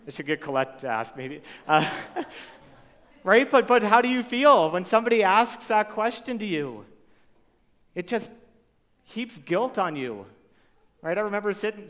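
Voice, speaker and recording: A male pastor preaches a sermon to a live congregation in a church hall, speaking conversationally and tossing rhetorical questions to the room. His voice sits high with a fairly bright tone. The large hall gives the recording a long reverb.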